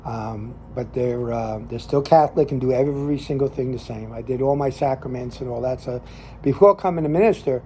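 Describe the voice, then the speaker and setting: Speaking fairly quickly in a dark, mid-range voice over slight background noise, this older man from New Jersey tells a meandering, folksy tale full of fillers. He has a Northern New Jersey accent and is a cigar show host and lay minister delivering a casual storytelling monologue.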